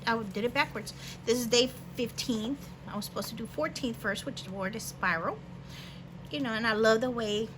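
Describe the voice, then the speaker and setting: Rambling bilingual woman, noisy hum. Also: medium pitch. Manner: rambling, hesitant, many fillers. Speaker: hobby artist. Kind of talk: casual show-and-tell.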